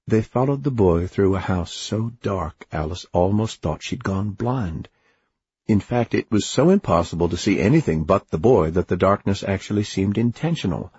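A man narrating an audiobook in an expressive, wry storytelling manner. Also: low voice, normal speed, breathy edge, no echo. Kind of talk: scripted narration. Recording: dull lo-fi dry recording.

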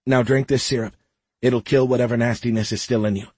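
A man's voice: medium pitch, fairly even intonation, a little fast, darkish tone, breathy edge, no room sound, close to an everyday voice. A man voicing an anxious young woman in an audiobook, speaking urgently. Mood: firm. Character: frantic young woman caring for a friend. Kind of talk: audiobook character voice.

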